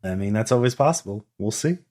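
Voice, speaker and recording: A man voicing a serene masked woman at a masquerade, speaking in a dreamy, fond and softly wistful way. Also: on the low side, expressive, fast talker.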